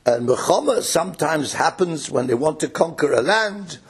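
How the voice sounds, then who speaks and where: A man's voice: fairly high pitch, lively intonation, normal speed, husky. A man giving a religious study lecture, explaining points and posing rhetorical questions to his listeners. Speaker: Torah lecturer.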